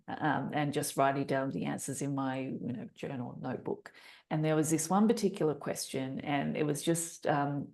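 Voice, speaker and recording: Low-voiced woman telling a lively story. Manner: animated, acts out her own inner thoughts with sudden pitch jumps and laughs. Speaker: podcast guest, business author. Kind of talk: casual storytelling in a conversation.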